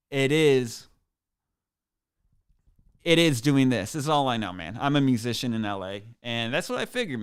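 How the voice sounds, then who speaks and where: A man's voice: medium pitch, a bit bright, clean tone. A man hosting a comedic podcast solo, rambling in a boastful, sarcastic, mock-grandiose way. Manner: self-aggrandizing, sarcastic, rambling. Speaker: podcast host.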